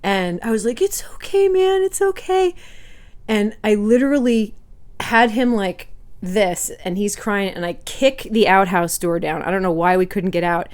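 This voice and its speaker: A woman's voice: medium pitch, fairly even intonation, normal speed, clean tone. A woman food vlogger telling a casual storytime while eating, chatty and rambling, laughing now and then.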